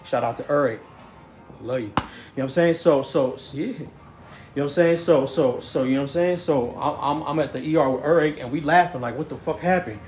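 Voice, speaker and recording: Slightly fast and a little mellow, this medium-pitched man tells a rambling, casual story. He keeps stammering, restarting and tossing in "you know what I'm saying," while faint noise echoes through the room.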